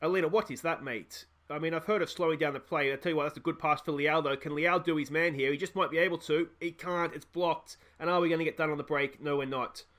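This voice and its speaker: This excitable let's play comes from a gaming YouTuber, a man with an Australian accent who speaks on the high side at a quick pace with hardly any pauses. He worries about tactics out loud and yells when goals are scored.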